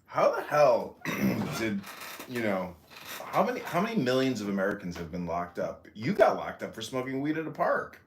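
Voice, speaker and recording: A man hosting a casual podcast chat, deadpan, mumbling asides and clearing his throat often. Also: medium pitch, normal speed. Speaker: podcast host. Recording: echoey room with faint noise.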